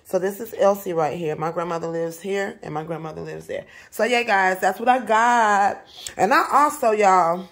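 A young woman talks casually to her audience from her home, chatty and animated. Her voice sits a little low for a woman. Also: normal speed. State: out of breath in places. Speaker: vlogger. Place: home, indoors.

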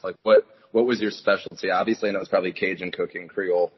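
A man's voice: deep voice, fairly even intonation, quick pace, breathy edge, muffled recording. A man co-hosting an interview, asking questions hesitantly with many ums. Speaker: co-host.

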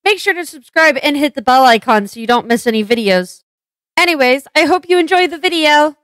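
A woman's voice: high voice, animated, fairly quick, fairly bright tone, dry recording, studio quality. A woman hosting her gaming channel, chatting casually and teasing her co-player while they play. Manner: teasing, upbeat, laughs often. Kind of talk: casual co-op gameplay chat.

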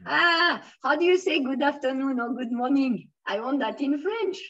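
High-voiced Swiss woman teaching French. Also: moderate pace, fairly bright tone, distant mic, dull audio. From Switzerland. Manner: mixes English and French, encouraging, many fillers. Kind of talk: online language class.

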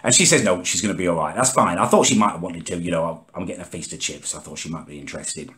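A man's voice: low voice, quick pace, bright, forceful tone. A man, ranting indignantly in a comedic monologue. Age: 30s. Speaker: comedic vlogger. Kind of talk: comedic rant to camera.

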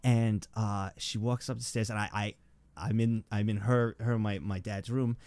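A man telling a funny story in casual chat, animated and hesitant, acting out the scenes. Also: on the low side, normal speed, no room sound.

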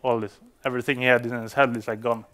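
A Swedish man gives a conference talk to developers in non-native English, hesitant and full of fillers and restarts. His mid-range voice stays level, a bit bright, and he talks fast.

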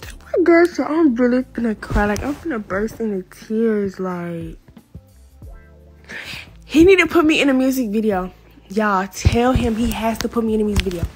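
A teenage girl chatting in a casual vlog from her bedroom, gushing, excitable and slangy as she talks to her viewers. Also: a little high, moderate pace, slightly rough, faint music behind. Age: teens. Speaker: vlogger.

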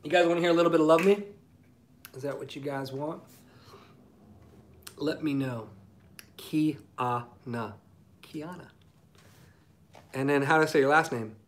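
Speaking briskly in a voice on the high side, a singer-songwriter chats on a livestream through a phone mic, pausing often as he reads viewer comments. He's relaxed and rambling with lots of ums, and slight background noise can be heard.

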